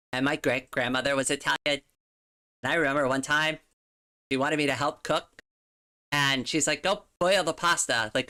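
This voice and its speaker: Woman streamer, casual chat, slightly low voice, rambling and giggly, home desk mic. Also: bright, forceful tone. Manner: rambling, lots of "like", giggles often.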